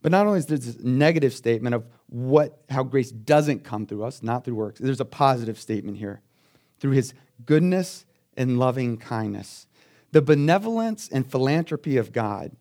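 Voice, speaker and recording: A male pastor preaches a sermon, telling stories conversationally and moving between hushed asides and loud, forceful bursts. His voice sits at a medium pitch, lively, at an ordinary pace.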